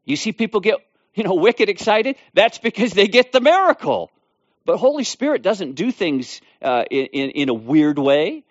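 A middle-aged man preaching, telling testimony stories in an animated, conversational way with frequent restarts. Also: sits high, moderate pace, no room sound, dull audio. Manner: animated storytelling with laughs and restarts. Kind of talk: sermon with personal testimony.

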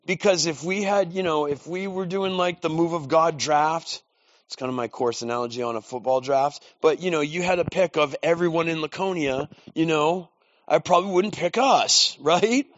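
A man's voice: fairly high pitch, normal speed, no room sound. A man preaching in a casual, storytelling way, with self-deprecating asides. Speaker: pastor. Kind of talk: sermon. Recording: dull lo-fi dry recording.

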